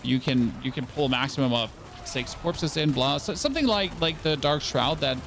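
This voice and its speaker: A man's voice: a little high, animated, moderate pace, vocal fry, a bit bright, a little hiss or hum. A young man giving casual gameplay commentary as a streamer, rambling, stammering over his words and asking his viewers questions.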